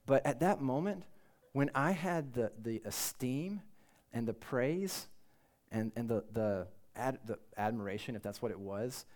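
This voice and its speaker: A man's voice: medium pitch, very animated, unhurried. A man giving an informal, earnest sermon to students in a conversational way, laughing at himself now and then. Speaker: campus pastor.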